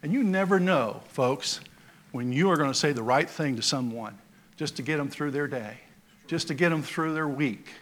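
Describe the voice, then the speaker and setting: A male pastor preaches in a folksy, storytelling manner, sprinkling in fillers as he goes. His voice sits somewhat high for a man. He swings between loud, emphatic lines and quiet asides. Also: lively intonation, normal speed. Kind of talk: sermon.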